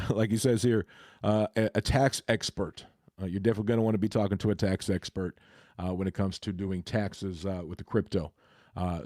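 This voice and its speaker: A man's voice: on the low side, warm tone, dry recording, clean studio sound. A man chatting casually on a crypto livestream, hesitant and full of fillers and restarts.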